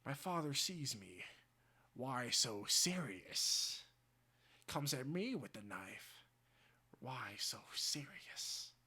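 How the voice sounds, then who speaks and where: A man's voice: mid-range voice, big pitch swings, slow, pushed and bright, slightly rough, full character voice. A man doing a mumbled, half-laughing impression of a menacing, scarred male clown villain.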